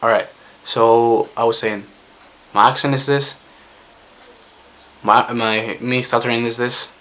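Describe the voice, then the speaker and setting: A man's voice: mid-range voice, fairly even intonation, slow, a bit bright. A young man from Spain with a Spanish accent, stuttering and restarting as he talks casually to camera in his vlog. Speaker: vlogger.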